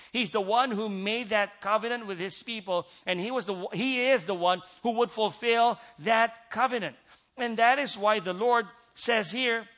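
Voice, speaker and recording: A man's voice: high voice, bright, forceful tone. A man preaching a sermon in an earnest way, repeating key phrases for emphasis.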